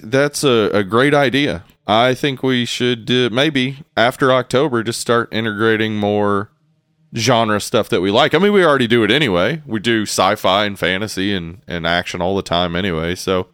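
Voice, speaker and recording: A young adult man co-hosting a podcast, chatting casually in a relaxed, rambling way with many restarts. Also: fairly low pitch, moderate pace, clean tone, no echo, clean studio sound. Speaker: podcast co-host. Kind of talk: casual chat.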